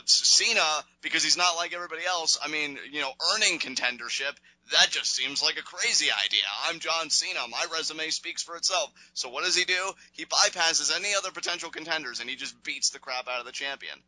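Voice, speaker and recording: Bright, opinionated man reviewing wrestling. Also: fairly high pitch, quick pace, few pauses, dry recording, low-quality recording. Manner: opinionated, sarcastic, rambling asides. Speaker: podcast co-host. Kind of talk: casual wrestling review chat.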